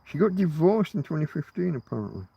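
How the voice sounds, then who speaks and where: A man's voice: on the high side, very animated, fast, creaky, slightly rough, no room sound, lo-fi sound. A middle-aged man hosting a casual livestream outdoors at night. He rambles, muses aloud and swears offhandedly. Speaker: livestream host.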